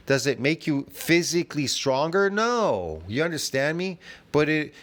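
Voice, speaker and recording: A man in his fifties giving reaction commentary, rambling and swearing as he argues and lectures, often asking whether you get it. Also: medium pitch. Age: 50s. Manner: profane, rambling and argumentative. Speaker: fitness commentator reacting to a video.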